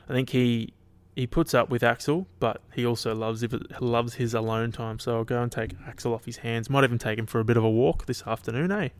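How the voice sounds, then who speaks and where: A man's voice: mid-range voice, clear, resonant tone, no room sound. A young Australian man hosting his podcast alone, chatting casually in a loose, rambling and sweary way. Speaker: podcast host. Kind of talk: casual solo chat.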